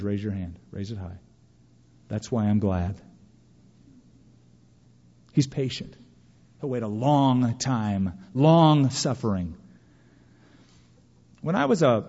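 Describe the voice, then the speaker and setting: A man preaching a sermon to a congregation, lively and storytelling, acting out imagined complaints in a raised voice. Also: medium pitch. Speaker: pastor. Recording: dull lo-fi sound with long reverb of a large hall.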